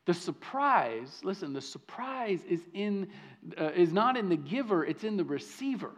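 A pastor preaching a sermon with lively delivery, repeating words and swinging from loud emphasis to hushed lines. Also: male voice, high-pitched, normal speed.

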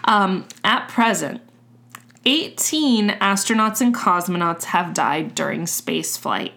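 A woman's voice: fairly low pitch, slow pace, vocal fry. Chatty woman telling a story. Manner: relaxed, chatty, swears casually. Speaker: podcast host. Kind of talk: casual storytelling chat.

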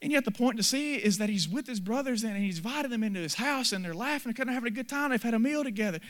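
Pastor guy preaching, high sharp voice, goes quiet then loud, lots of repeating lines. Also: lively intonation, fast talker. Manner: earnest preaching, repeated short phrases, swings between soft and loud. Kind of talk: sermon.

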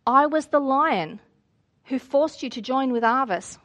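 A woman voicing a vast, patient male lion who speaks slowly, with reverent emphasis. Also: sits high, animated, a bit bright. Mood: solemn.

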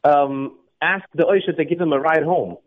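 A man's voice: a little high, normal speed, narrow, tinny audio. A man who is a guest singer on a radio interview, telling a story with animation and acting out the quotes. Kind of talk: casual radio interview chat.

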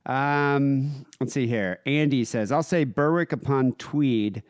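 A man's voice: mid-range voice, takes it slowly, no room sound. A man co-hosting a casual podcast, reading listener emails aloud. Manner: reads emails aloud with lively, shifting delivery. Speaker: podcast co-host.

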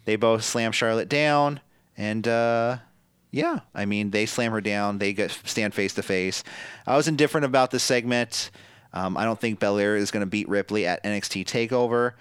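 Smooth low-voiced casual man. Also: moderate pace, dry recording. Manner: recaps events, quoting lines in a livelier voice. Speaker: podcast co-host. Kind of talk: casual wrestling recap chat.

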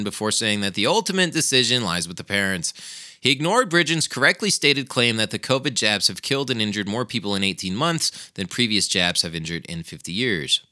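A man's voice: mid-range voice, pushed and bright. A young man giving a heated, profane casual commentary, peppered with "man" and "dude.".

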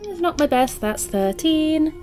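A woman's voice: sits high, expressive, measured pace, dark tone. A woman player in a tabletop game, polite and bemused in her replies. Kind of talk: casual role-play chat.

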